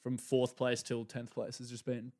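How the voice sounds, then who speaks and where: A man's voice: mid-range voice, completely flat delivery, normal speed, mellow. A man, a laid-back guest in a casual podcast chat.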